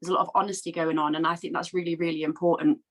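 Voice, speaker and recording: A woman with a Welsh accent, a trainee therapist speaking in a workshop discussion, nervous and heartfelt with halting restarts, on a video call. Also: low voice, little pitch movement, low-quality recording. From Wales. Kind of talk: casual discussion.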